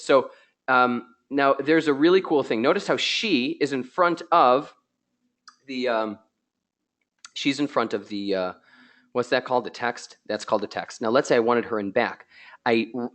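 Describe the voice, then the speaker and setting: A man hosting a live software tutorial, excitable and chatty, joking with his viewers, a little tired from being ill. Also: medium pitch, moderate pace. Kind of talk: live screen-share tutorial.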